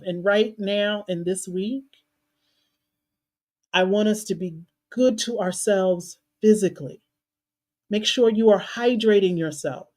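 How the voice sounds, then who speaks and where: A woman's voice: medium pitch, a little mellow. A woman life coach hosting a motivational live stream, talking candidly and casually to her viewers and laughing at herself now and then. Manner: casual, colloquial talk to viewers.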